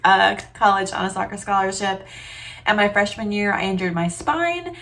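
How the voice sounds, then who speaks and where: A woman's voice: medium pitch, moderate pace, fairly bright tone. A woman in her twenties vlogging casually from her home kitchen, chatty and emotional, full of fillers. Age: 20s. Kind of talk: casual vlog chat. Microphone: camera on tripod.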